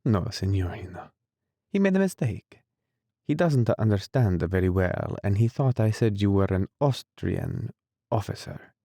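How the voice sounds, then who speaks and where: A man's voice: lowish voice, expressive, unhurried, mellow, no room sound, clean studio sound. A man reading an audiobook, voicing an amused young hospital porter who keeps trying not to laugh. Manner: giggly, apologetic. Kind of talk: audiobook character voice.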